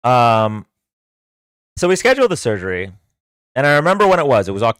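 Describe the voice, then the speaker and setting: Male livestream host; smooth, rambling storyteller with lots of fillers, dry close sound. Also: medium pitch, sing-song, a little fast, a bit bright, no room sound. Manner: rambling, filler-heavy, with frequent restarts. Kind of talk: casual storytelling.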